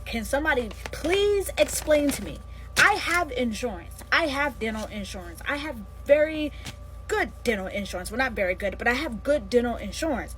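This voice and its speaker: High-voiced, irritated woman. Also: lively intonation, normal speed, fairly bright tone, slight background noise, rough recording. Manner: irritated, exasperated complaining. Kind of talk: casual vlog rant.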